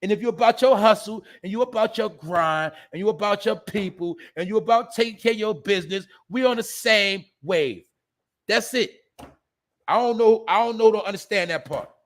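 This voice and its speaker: A man hosting a casual live stream, talking loosely in street slang and shouting out viewers in the chat. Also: high voice, moderate pace.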